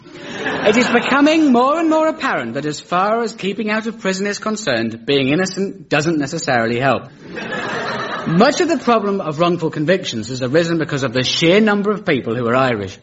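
A man giving a deadpan satirical lecture in a mock-formal, dry manner. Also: a little high, highs cut off, noisy background. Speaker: comedy lecturer.

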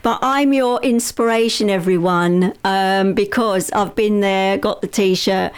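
A woman's voice: mid-range voice, fairly even intonation, a little slow, smooth. A woman co-hosting a local radio show, chatting casually and laughing often. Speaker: radio co-host.

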